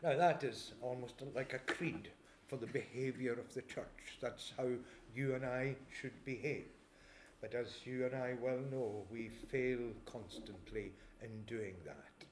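A man's voice: medium pitch, slight background noise. Man preaching in an echoey church. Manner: measured expository preaching, reading scripture aloud slowly; clears throat often. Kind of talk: sermon.

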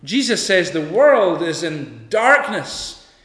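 A man preaching an evening sermon, emphatic, swinging from loud peaks to hushed lines. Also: high-pitched, big pitch swings, takes it slowly. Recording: echoey hall, long reverb.

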